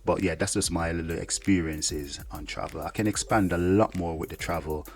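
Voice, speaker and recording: A man's voice: deep voice, moderate pace, a little mellow. A man who is a soldier, talking casually to the camera in a rambling way, with lots of "yeah" fillers. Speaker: soldier and vlogger.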